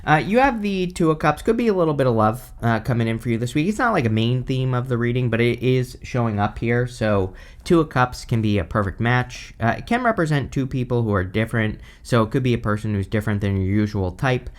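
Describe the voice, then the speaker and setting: A man's voice: medium pitch, animated, brisk, few pauses. A man giving a casual weekly tarot reading, talking loosely with lots of "uh" and "right?" asides. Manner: conversational, frequent "uh" and "right?" tags. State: has the hiccups. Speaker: tarot reader.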